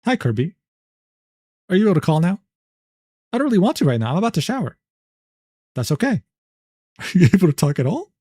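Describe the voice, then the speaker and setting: A man's voice: sits high, very animated, fairly quick, pauses often, dark tone, breathy edge, dry recording, clean studio sound. A man streaming casually, reading messages and screenshots aloud with profane, exasperated, sarcastic asides. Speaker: streamer reading drama documents. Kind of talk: casual livestream commentary.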